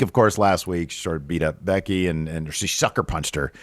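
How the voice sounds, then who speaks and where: A man co-hosting a podcast, recapping wrestling in casual chat and jumping up in pitch when he gets riled. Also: a little fast, hardly any pauses, dry recording, clean studio sound. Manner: excitable, jumps high when riled. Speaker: podcast co-host.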